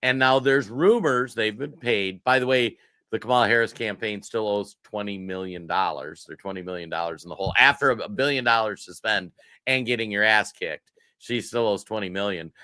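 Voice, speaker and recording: A man's voice: lowish voice, expressive, normal speed, pushed and bright, dry recording, studio quality. A man co-hosting a political talk show, talking casually with mocking emphasis and frequent laughter. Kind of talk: casual commentary.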